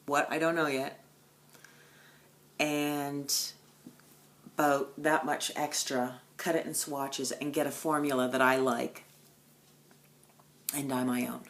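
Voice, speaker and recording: A woman vlogging at home about her stitching, telling stories with loud bursts and hushed asides. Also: rumbling low, flat delivery, slow, long pauses. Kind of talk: casual chat.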